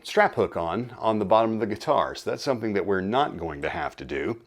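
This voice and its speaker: A middle-aged man hosting a casual workshop vlog, talking folksy and unhurried about cleaning and oiling a guitar, with friendly asides and fillers. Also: fairly low pitch. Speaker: channel host restoring guitars.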